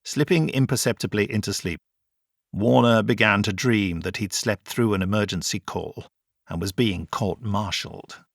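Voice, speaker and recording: A man reading a science fiction audiobook in a measured, even storytelling voice. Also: lowish voice, creaky, no echo, clean studio sound. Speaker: audiobook narrator. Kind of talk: scripted audiobook narration.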